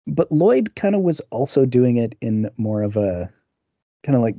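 A man's voice: medium pitch, animated, moderate pace, mellow, no echo, lo-fi sound. A man co-hosting a podcast, chatting casually about films, with many fillers and restarts. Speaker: podcast co-host. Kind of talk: casual film discussion.

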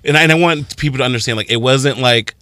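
Impassioned radio co-host, dry studio sound. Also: male voice, medium pitch, fast talker, bright, forceful tone, no echo. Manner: impassioned, rambling with restarts. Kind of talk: casual radio chat.

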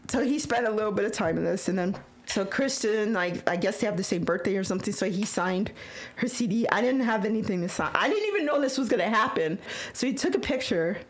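Woman podcast host, casual chat, all worked up and stumbling over her words, mid-pitched voice. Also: quick pace. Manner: excitable, stammering and emotional retelling.

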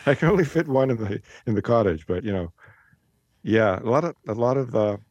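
A man's voice: medium pitch, animated, fairly quick, a little mellow, husky, dry recording, highs cut off. A man, a regular on the show, telling rambling stories and chuckling in casual chat. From United States.

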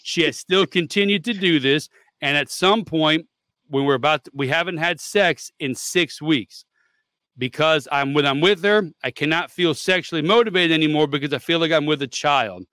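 A man's voice: fairly high pitch, moderate pace, sharp tone, no room sound, clean studio sound. A man hosting a podcast, reading a forum post aloud in casual chat, blunt and swearing, stumbling over the text. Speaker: podcast host.

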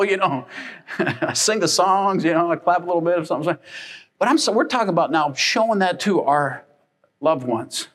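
A male pastor delivering a sermon in a high voice. He tells everyday family stories with lively energy and briefly plays the people in them. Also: moderate pace. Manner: animated storytelling, acting out family members.

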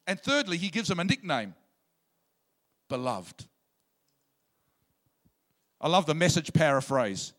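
Bright, high-voiced man preaching. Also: a little slow, long pauses. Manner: animated preaching, with loud acted-out shouts. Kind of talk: sermon.

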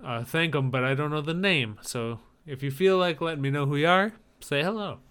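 A man's voice: fairly high pitch, fairly quick, fairly bright tone, clean tone. A man hosting a podcast in casual banter, chatty and rambling through show announcements. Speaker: podcast host.

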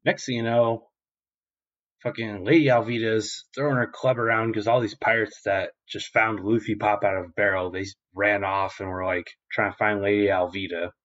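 A man's voice: on the low side, steady tone, moderate pace, fairly bright tone. A man co-hosting a podcast, recapping an episode in a rambling, filler-heavy, profane way. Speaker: podcast co-host. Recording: dull lo-fi recording.

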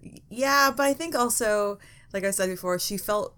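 A woman's voice: mid-range voice, moderate pace, bright, forceful tone, clean tone. A woman talking about her tabletop character earnestly and thoughtfully, with casual fillers. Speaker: player.

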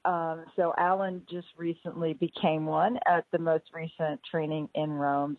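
A woman's voice: low voice, little pitch movement, measured pace, hardly any pauses, dry recording. Effusive woman host on a tinny call. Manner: effusive, gushing, laughs often. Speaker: podcast host. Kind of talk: casual interview over a call. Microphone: call audio. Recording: tinny call line, dry.

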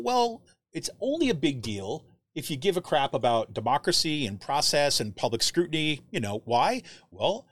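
Animated man, lots of "right?". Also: on the high side, moderate pace, hardly any pauses, dry recording, clean studio sound. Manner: animated, keeps asking "right?", reads quotes aloud; searches through documents while talking, trails off. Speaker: host of a live political commentary show. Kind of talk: casual live commentary.

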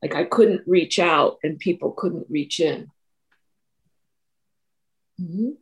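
A woman with a lowish voice speaks slowly as she tells a reflective personal story during an interview. She works as a Three Principles teacher and therapist, and her earnest delivery is full of repeated and restarted phrases.

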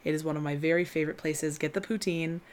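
A woman's voice: low-pitched, steady tone, fast. A woman co-hosting a podcast from West Michigan, chatty and self-deprecating, laughing as she rambles. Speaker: podcast co-host. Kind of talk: casual chat.

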